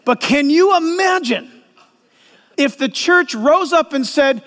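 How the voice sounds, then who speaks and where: A middle-aged man preaching a sermon as pastor, animated and joking, acting out little voices. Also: very high voice, a little slow. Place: large church hall. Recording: long hall reverb.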